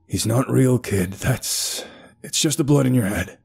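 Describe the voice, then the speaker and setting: A man's voice: medium pitch, unhurried, vocal fry, darkish tone, husky, pitched above the performer's own voice, heavily acted. A man voicing a guilt-ridden male cave rescuer in a horror story, speaking hesitantly. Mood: urgent. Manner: hesitant, uncertain.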